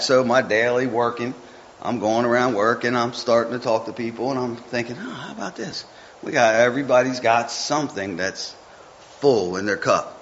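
A man's voice: mid-range voice, fairly bright tone, slight background noise. A man giving an informal devotional talk, folksy and rambling, with chatty asides to the listeners. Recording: muffled with faint background ambience.

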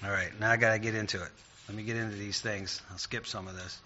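Bright-voiced preacher man, lo-fi sound. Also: on the low side, little pitch movement, fast talker. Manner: conversational, rises to loud emphatic retellings. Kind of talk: informal sermon.

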